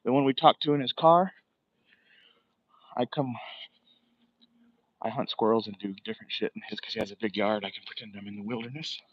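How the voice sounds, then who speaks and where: A man's voice: on the low side, brisk, long pauses, highs cut off, slight background noise. A man hosting a casual walking livestream outdoors on a residential street, rambling and swearing as he chats. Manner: rambling, profane, chatty. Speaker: livestream host.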